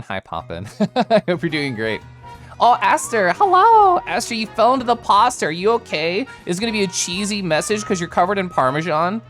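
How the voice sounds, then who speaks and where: Lively, giggly male streamer. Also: fairly high pitch. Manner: animated and giggly, greeting chatters by name. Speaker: live streamer. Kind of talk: casual chat reading viewer messages.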